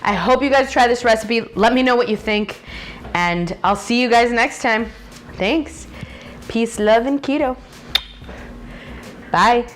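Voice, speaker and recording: A woman's voice: a little high, unhurried, long pauses, a little hiss or hum. A woman whose first language is Spanish, hosting a casual home cooking vlog in a chatty, bubbly way with jokey asides. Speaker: cooking channel host. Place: home kitchen, food sizzling.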